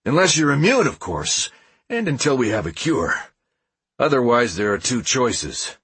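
A man's voice: medium pitch, very animated, measured pace, fairly bright tone, breathy edge, no room sound, exaggerated voice. A man doing a cold, composed man in charge.

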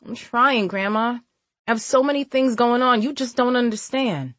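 A distressed young woman speaks with raised, emotional pitch, as a woman reads her lines. Her voice swings widely in tone, and the sound is dry with no room echo. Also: lively intonation, moderate pace, fairly bright tone. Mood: irritated. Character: young woman, troubled and defensive.

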